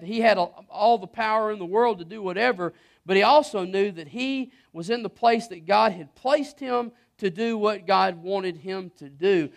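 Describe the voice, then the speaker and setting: A man's voice: high-pitched, vocal fry. A man preaching a sermon in a folksy, conversational way, with frequent restarts. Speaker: pastor.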